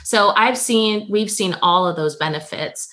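A woman's voice: mid-range voice, a little slow, pushed and bright. A woman in a casual chat, talking in an enthusiastic, reflective way.

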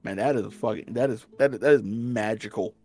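A man's voice: on the low side, brisk, a little mellow. Man, slight Southern US accent, casual rambling chat, restarts, swearing, faint background music. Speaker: stream guest.

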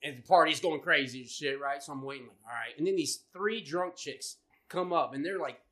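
A man's voice: a little high, brisk. A man co-hosting a casual podcast, telling a story with lots of swearing and acting out the other people in it. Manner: profane, animated, acts out the other people in his stories. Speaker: podcast co-host.

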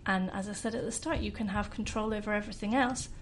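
A woman's voice: medium pitch, fairly even intonation, fast, slight background noise. A young woman from Scotland, a wedding celebrant on a podcast, who talks with enthusiasm and laughs often. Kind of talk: casual podcast chat.

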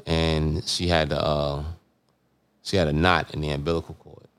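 A man hosting a podcast in casual, joking chat, giving shout-outs to listeners. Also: very deep voice, level tone, a little slow, clear, resonant tone, no echo, studio quality. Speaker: podcast host.

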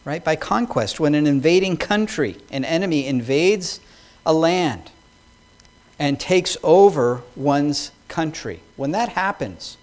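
A man's voice: on the high side, expressive, takes it slowly, a little mellow. A man preaching a sermon, pressing his points with rising emphasis. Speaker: pastor.

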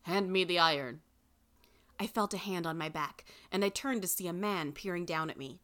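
A woman reading a first-person story aloud in an expressive way. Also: on the low side, brisk. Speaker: reader.

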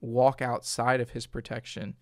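A man's voice: mid-range voice, completely flat delivery, normal speed, dry recording, clean studio sound. A man co-hosting a devotional show, reading a Bible passage aloud and then explaining it in an earnest, teaching way. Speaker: co-host of a lunchtime devotional show. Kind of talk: casual devotional chat and scripture reading.

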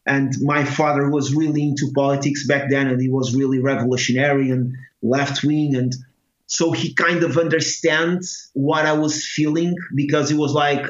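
Speaking at medium pitch in a steady tone, a man from Portugal with a Portuguese accent recounts a personal story in halting, casual talk full of fillers and restarts, recorded in an echoey, muffled room.

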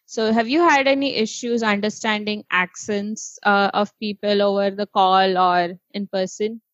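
A woman's voice: mid-range voice, steady tone, a little slow, dry recording, dull audio. A woman co-hosting a casual chat, talking freely with frequent laughs and many "um"s. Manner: chatty, laughs often, many fillers.

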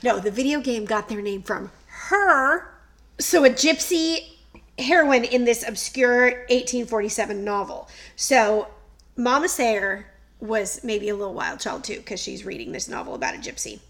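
A woman's voice: on the high side, animated, a little slow, vocal fry, a bit bright. A middle-aged woman co-hosting a podcast, telling a story in a chatty, casual way. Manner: chatty, storytelling, laughs often. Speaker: podcast co-host. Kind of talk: casual chat.

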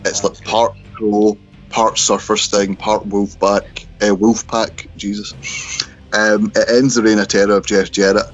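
A man's voice: fairly low pitch, level tone, a little slow, faint music behind. A man hosting a casual podcast chat, hesitant and full of ums and restarts. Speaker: podcast host. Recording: dull lo-fi podcast audio.

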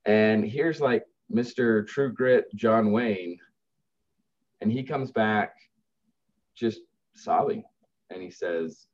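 A man's voice: lowish voice, takes it slowly, long pauses, darkish tone. A man who runs a business helping grieving families, telling stories earnestly and lifting his voice when he quotes others. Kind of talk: storytelling in conversation. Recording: dull lo-fi sound.

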